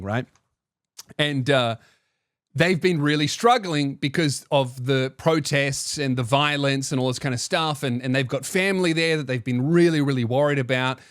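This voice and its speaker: A young man with a fairly high voice riffs through a loose comedic monologue for his podcast. He rambles, restarts his sentences and swears freely. His voice sounds close and dry, with no room echo.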